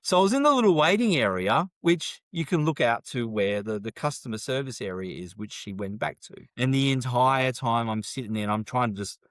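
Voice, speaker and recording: Lively male podcast host telling stories. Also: mid-range voice, a little fast, few pauses, no room sound, studio quality. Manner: animated storyteller, laughs often. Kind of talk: casual chat.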